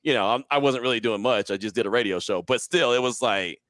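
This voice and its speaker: Un hombre narra con ritmo rápido y muy animado, imitando con voz viva las frases de su propia anécdota. Su voz tiene un tono medio y suena seca, sin eco de sala. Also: male voice, medium pitch, quick pace, no room sound. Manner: animated storyteller, acts out his own quotes. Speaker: podcast guest, sports radio host. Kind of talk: casual storytelling interview.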